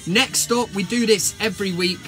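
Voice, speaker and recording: A man hosting a comedic football vlog, ranting in a mocking, sweary, excitable way. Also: sits high, normal speed, soft background music. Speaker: vlog host. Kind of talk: casual comedic football rant.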